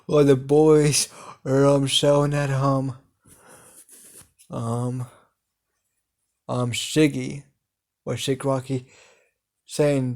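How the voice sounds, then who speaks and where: A man's voice: mid-range voice, level tone, slow, long pauses, a little mellow. A man improvising a fan story aloud, hesitant with many fillers and laughing at his own plot.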